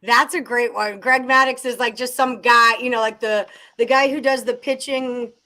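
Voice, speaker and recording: A woman's voice: a little high, steady tone, moderate pace, pushed and bright. A woman hosting a sports betting show, chatting casually with a playful, teasing manner. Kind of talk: casual chat.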